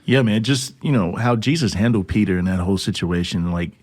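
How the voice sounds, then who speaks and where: A man joining a faith discussion, relaxed and earnest, often saying "like" and "man". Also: fairly low pitch, a little fast. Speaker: guest.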